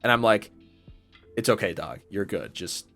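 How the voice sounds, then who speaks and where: A man's voice: on the low side, very animated, moderate pace, fairly bright tone, faint music behind. A young man co-hosting a podcast, telling a story in casual chat, full of fillers and swearing. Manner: rambling storyteller, swears freely, many fillers. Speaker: podcast co-host.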